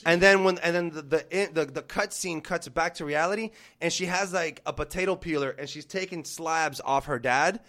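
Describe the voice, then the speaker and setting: Man, 30s, slightly high voice, cussing storyteller acting out quotes, podcast co-host. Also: normal speed, hardly any pauses. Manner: animated, profane, acts out quotes. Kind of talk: casual storytelling chat.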